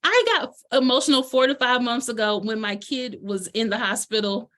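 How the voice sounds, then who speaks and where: A woman's voice: fairly high pitch, moderate pace, a bit bright. Bubbly woman life coach, chatty and loose, casual delivery. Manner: chatty, bubbly, lots of fillers. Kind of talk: casual presentation chat.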